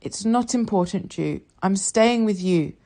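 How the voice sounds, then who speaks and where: A woman's voice: medium pitch, unhurried, dark tone, natural voice. A woman reading aloud, voicing an earnest, stubborn six-year-old boy in a raised childlike voice. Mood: fierce.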